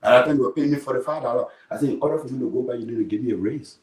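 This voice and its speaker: Blunt, animated Liberian man, roomy sound. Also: mid-range voice, rapid-fire, recorded from a distance. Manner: blunt, animated, swears freely. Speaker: interview guest. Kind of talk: live interview storytelling. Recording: echoey room, voice off-mic.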